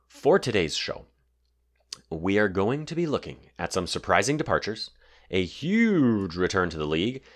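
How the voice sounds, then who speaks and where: A man with a sore throat hosting a casual solo podcast from his home basement, rambling with lots of fillers and digressions. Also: deep voice. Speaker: podcast host.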